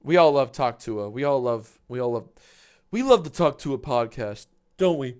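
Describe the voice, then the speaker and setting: A man's voice: mid-range voice, expressive, moderate pace, a little mellow, clear, resonant tone. A man hosting a casual livestream, reacting to videos with sarcastic, profane rants. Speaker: livestream host.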